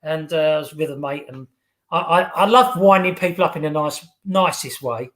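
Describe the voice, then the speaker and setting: An English man hosting a relaxed conversation, telling his stories with stops and restarts. His voice is high for a man. He sounds chatty and easygoing. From England. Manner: chatty, halting storyteller with false starts. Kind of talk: casual chat.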